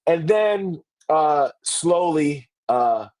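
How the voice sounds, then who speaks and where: A man spins a story on a casual podcast, animated and loose with his swearing, acting out each exchange as he goes. His voice sits a touch high for a man. The sound is dry and close, with no room around it. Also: very slow, no echo. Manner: animated, swears a lot, acts out quotes. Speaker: interviewer for a grappling promotion.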